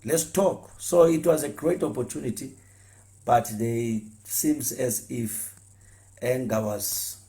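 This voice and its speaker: A former pastor, speaking earnestly and repeating himself, stumbling over words when heated. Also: male voice, medium pitch, slow pace, dark tone. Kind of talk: impassioned spoken address.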